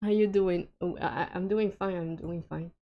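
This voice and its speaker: A woman's voice: lowish voice, steady tone, normal speed, highs cut off. A woman streaming a co-op game with friends, chatting casually and hesitantly with lots of fillers and frequent giggles.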